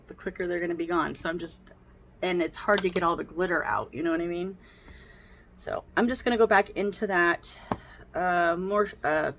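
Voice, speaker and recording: A woman's voice: lowish voice, slight background noise. A woman chatting casually at home while doing her makeup, rambling, with frequent laughs. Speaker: beauty vlogger. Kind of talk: casual get-ready-with-me chat.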